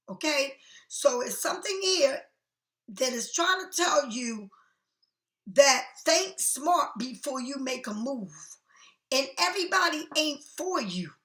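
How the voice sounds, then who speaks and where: A woman gives a casual tarot reading for viewers, chatty and frank, swearing freely and calling the listener "honey." Her voice is high-pitched, expressive, slow, and a bit bright, heard in an echoey room.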